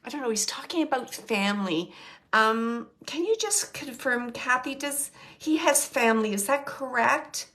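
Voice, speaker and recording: A woman's voice: fairly high pitch, animated, moderate pace, fairly bright tone. Emotional woman medium giving a reading. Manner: emotional, tearful at times, relaying quotes with emphasis. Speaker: psychic medium. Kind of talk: live mediumship reading to an audience.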